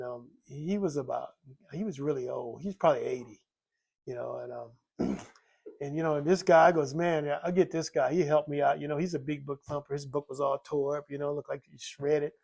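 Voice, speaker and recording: A man's voice: fairly high pitch, a little fast, gravelly, a little mellow. An older man telling his recovery story in a rambling, candid way, full of "you know" fillers. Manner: rambling, many "you know" fillers, acts out quoted voices. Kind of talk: personal recovery testimony.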